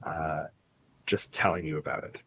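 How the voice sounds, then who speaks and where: A man's voice: a bass voice, steady tone, normal speed, pushed and bright, slight background noise, pitched below the performer's own voice, full character voice. A man voicing a polite, slightly wry male ranger who hires adventurers in a tabletop game.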